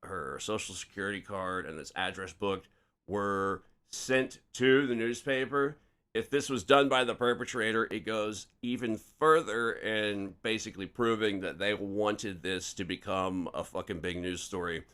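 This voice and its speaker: A man's voice: fairly low pitch, fairly even intonation, measured pace, a bit bright, smooth. A man hosting a casual podcast chat, opinionated and swearing freely. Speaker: podcast host.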